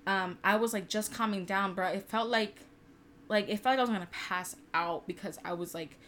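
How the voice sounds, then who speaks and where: A woman's voice: mid-range voice, normal speed, fairly bright tone, slight background noise. Candid, profane young woman storyteller. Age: 20s. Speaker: podcast co-host. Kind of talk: casual storytelling chat.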